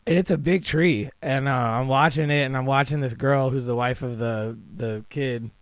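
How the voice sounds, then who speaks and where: A young man co-hosting a podcast, telling a story in casual chat, animated, acting out what people said and swearing freely. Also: mid-range voice, moderate pace, smooth, no echo. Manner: animated, acts out quotes, swears a lot. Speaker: podcast co-host.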